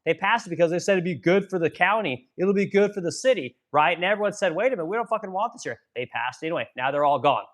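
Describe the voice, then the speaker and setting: A man's voice: high-pitched, lively intonation, fast, few pauses. A man in his forties from Missouri, hosting a livestream and ranting profanely about politics while reading chat comments. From Missouri, USA. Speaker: livestream host.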